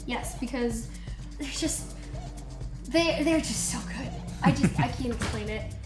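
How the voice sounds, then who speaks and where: A woman hosting a livestream show in casual chat, excitable and jokey, laughing often. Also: a little high, a little slow, echoey room, music in the background. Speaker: host. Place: studio.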